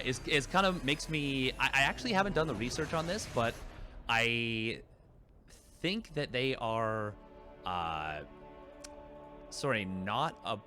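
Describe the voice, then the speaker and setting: Guy casting esports, bright voice, rambly with lots of uhs, faint music behind. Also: medium pitch. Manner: rambling, self-correcting, lots of fillers. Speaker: esports caster. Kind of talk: live game commentary.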